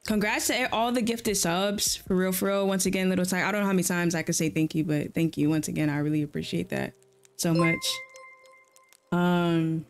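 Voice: mid-range voice, fairly even intonation, normal speed, soft background music. A streamer in casual live-stream chat while playing a game, laid-back and chatty, often repeating slang phrases.

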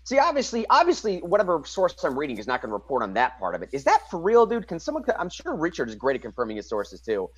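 A man co-hosting an online political talk show, casually excitable and slangy, reading news and listener messages aloud. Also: on the high side, fast, few pauses, husky, no room sound, muffled recording. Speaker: podcast co-host.

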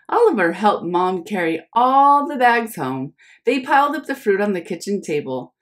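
A young woman teacher reads a picture book aloud to children, friendly and calling them her friends. She speaks slowly, with a lively, sing-song rise and fall. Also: on the low side. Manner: friendly, addresses listeners as friends.

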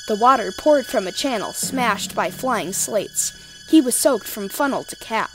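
A woman narrating a children's storybook, expressive and voicing the characters. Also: a little high, measured pace, music in the background.

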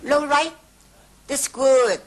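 A woman's voice: high-pitched, drawn-out words. An actress playing a bossy, superstitious Chinese mother-in-law with a Hong Kong Cantonese accent, speaking clipped broken English. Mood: bossy teasing. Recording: sitcom studio with audience laughter.

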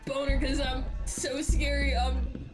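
Woman putting on a loud crude bragging dog. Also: high voice, level tone, takes it slowly, music in the background. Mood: boastful.

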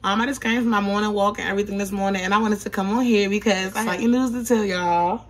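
A young woman talking excitedly in a casual vlog from her home kitchen, chatty and constantly addressing viewers as "y'all". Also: mid-range voice, fast talker, a little hiss or hum. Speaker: vlogger.

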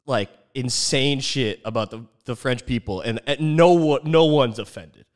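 A man's voice: mid-range voice, unhurried. A young man co-hosting a podcast, chatting casually with a loose, giggly, profane manner full of fillers. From Ontario, Canada. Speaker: podcast co-host. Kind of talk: casual comedic chat.

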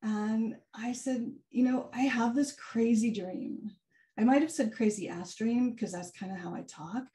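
A woman giving a keynote talk, telling a personal story in an animated way and acting out the quoted dialogue. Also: on the high side, unhurried. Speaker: keynote speaker. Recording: far from the mic, some echo.

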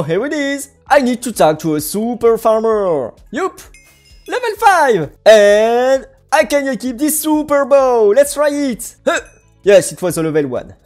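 A bubbly woman chats her way through a game, her voice sitting a little high and swooping up and down with delight. She exclaims and hums little tunes as she goes, with soft music playing faintly underneath. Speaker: gaming video creator. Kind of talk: playful gameplay commentary.

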